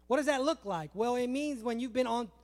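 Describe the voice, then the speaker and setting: A man preaches with a strikingly high voice. He tells stories in a lively way, acting out the people in them. It sounds like a live sermon. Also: fairly quick. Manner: animated storytelling preacher, acting out dialogues. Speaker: pastor.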